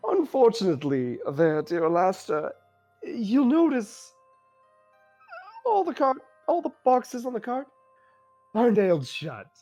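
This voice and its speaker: A game master voicing a sly cart merchant with a put-on accent, mock-polite and drawling. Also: male voice, high voice, sing-song, measured pace, long pauses, a little mellow, soft background music, pitched above the performer's own voice, exaggerated voice.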